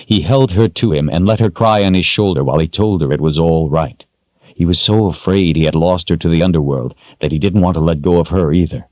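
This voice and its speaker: A man narrating a fantasy audiobook in a steady, measured way. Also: deep voice, dry recording. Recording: dry, dull lo-fi studio sound.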